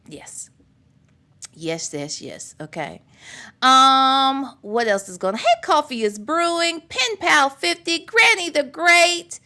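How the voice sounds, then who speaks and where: A middle-aged woman hosts a chatty livestream, reading out viewer comments and greeting regulars by name. Her voice sits a little high and sounds bright and sharp. She talks at an unhurried pace with a playful manner. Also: lively intonation. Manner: chatty and playful, laughs freely. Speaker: livestream host. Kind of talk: casual livestream chat.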